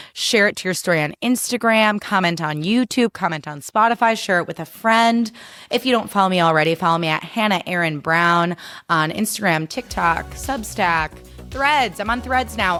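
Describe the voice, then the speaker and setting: A woman's voice: on the low side, a bit bright. A woman in her thirties hosting a solo podcast, talking in a sassy, emphatic rant full of swearing. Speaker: podcast host.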